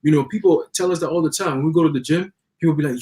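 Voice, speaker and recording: A man's voice: fairly high pitch, rapid-fire, mellow. A man in a casual religious discussion who uses street slang and acts out voices to make his points.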